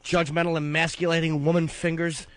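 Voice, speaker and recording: A man's voice: a little high, level tone, brisk, a bit bright. A male radio co-host trading crude, mocking jokes in talk-radio banter.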